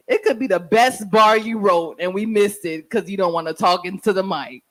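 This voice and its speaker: A woman's voice: fairly high pitch, normal speed, hardly any pauses, bright, forceful tone, low-quality recording. A woman hosting an open mic night on the stage of a live venue, talking into a handheld mic with brash, playful banter and some profanity.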